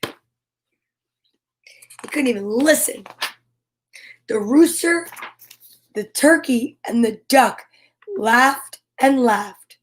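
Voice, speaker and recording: A woman's voice: a little high, animated, drawn-out words, pauses often. A woman reading a children's picture book aloud in a playful way, with animal noises. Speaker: children's storyteller.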